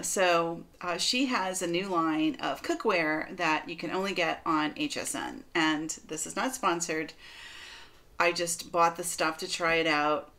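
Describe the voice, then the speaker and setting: A woman's voice: on the low side, a bit bright. A middle-aged woman from the northern United States, chatting casually through a baking demo and product review with lots of fillers. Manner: chatty, rambling, many fillers. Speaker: baking vlogger.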